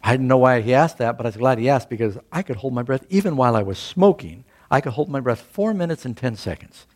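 An older man preaches in an easygoing, conversational way and weaves a personal story into the sermon. He speaks at a moderate pitch and pushes up louder and higher whenever he quotes scripture or other people. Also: expressive, fast talker. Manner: conversational, rising loudly for quoted scripture and speech. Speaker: pastor.

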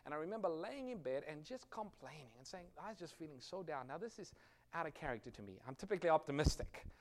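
A man's voice: on the high side, lively intonation, quick pace. Earnest preaching man. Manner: earnest storytelling preacher, rises loud on quoted scripture. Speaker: pastor. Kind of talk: sermon.

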